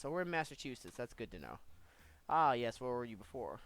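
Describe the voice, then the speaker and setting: A man's voice: medium pitch, lively intonation, moderate pace, creaky, a bit bright, dry recording. A young man giving casual, profane let's play commentary with joking, mumbled asides. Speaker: gamer.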